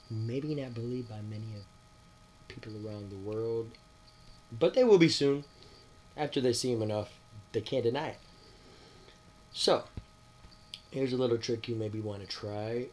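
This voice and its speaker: A man talking to his viewers in a rambling, preachy monologue. He asks them rhetorical questions and swings between loud outbursts and quiet mutters. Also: medium pitch, a little hiss or hum. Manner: addresses listeners with rhetorical questions. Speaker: spiritual vlogger. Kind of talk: casual spoken monologue to viewers.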